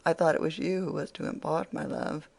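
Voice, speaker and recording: Reader doing soft-hearted little dad, agreeable and gentle, bit of gravel in the voice. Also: mid-range voice, fairly quick. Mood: mild. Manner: mild, soothing and agreeable.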